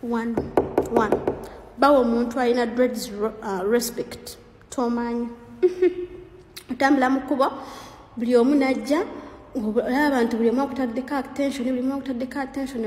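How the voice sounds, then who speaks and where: A woman telling stories in a casual, animated monologue, often laughing as a TikTok creator. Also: a little high, fast talker, reverberant, long reverb tail. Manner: animated, laughing, mixing languages.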